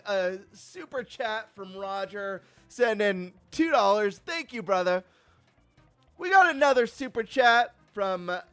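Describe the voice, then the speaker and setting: A man hosting a live stream, chatting casually and greeting viewers with excited energy. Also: high voice, no echo.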